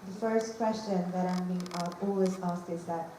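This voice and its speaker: A woman from Bangladesh giving a measured, emphatic personal monologue on an auditorium stage. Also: on the low side, fairly even intonation. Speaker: monologue performer. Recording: echoey hall, distant mic, faint hiss.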